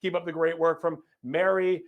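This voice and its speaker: A man's voice: on the high side, normal speed, dull audio. A man hosting a live fundraiser as emcee, energetically calling out donors and thanking them, sometimes stumbling over names. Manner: energetic, upbeat announcing of donors.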